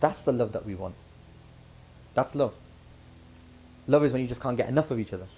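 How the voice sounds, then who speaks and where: A man's voice: mid-range voice, brisk, mellow, husky. A man giving a conversational religious talk to a camp audience, often asking them questions. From United Kingdom. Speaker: visiting religious speaker. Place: camp hall with a live audience.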